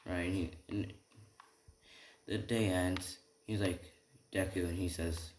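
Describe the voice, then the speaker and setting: A man's voice: sits low, steady tone, slow pace, darkish tone. A man casually retelling an invented story while playing a video game, rambling and often checking in with "right?". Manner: rambling, keeps asking "right?". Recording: roomy room echo, faint noise.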